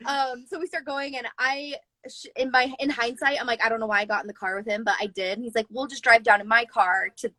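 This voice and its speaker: An American woman from Utah, chatting casually and telling a dating story, animated and laughing often. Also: a little high, fast, hardly any pauses, no room sound, rough recording. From Utah, USA. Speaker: podcast guest. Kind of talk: casual chat.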